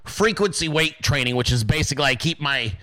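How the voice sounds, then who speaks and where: A man's voice: on the high side, animated, fairly quick, sharp tone, poor audio. A man hosting a podcast, ranting profanely in casual political commentary and calling his listeners dude and guys. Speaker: podcast host.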